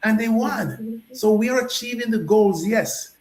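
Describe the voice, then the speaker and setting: A Jamaican man with a noticeably high voice, a festival founder interviewed on a talk show. He talks in an animated, storytelling way, often restarting his sentences, and his voice rings in an echoey room. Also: measured pace, a little hiss or hum.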